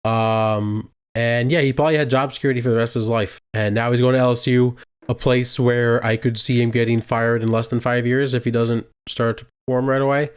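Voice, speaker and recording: With a medium pitch and a smooth, fairly quick delivery that has few pauses, this young man steers a laid-back podcast. He calmly drives the topics and asks his co-host questions.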